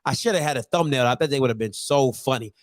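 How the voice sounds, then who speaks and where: A man hosting a sports commentary show, talking in a joking, animated way and repeating phrases for emphasis. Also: mid-range voice, fast. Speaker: show host.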